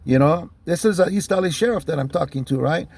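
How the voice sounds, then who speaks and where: A man's voice: fairly high pitch, quick pace, creaky, a little mellow, dry recording. A man telling personal stories in a heated, profane, rambling way. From Southern California. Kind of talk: casual storytelling monologue.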